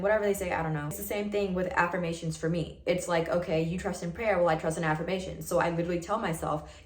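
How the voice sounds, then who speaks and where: A vlogger in her early twenties tells a personal story to camera, earnest and emphatic, leaning heavily on "like." Her voice is on the low side and she talks fast with hardly any pauses, in an echoey room.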